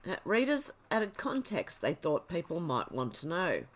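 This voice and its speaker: A woman hosting a livestream, reading social media posts aloud and chatting about them in quick, casual asides. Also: fairly low pitch, huge pitch swings. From Australia. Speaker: livestream host.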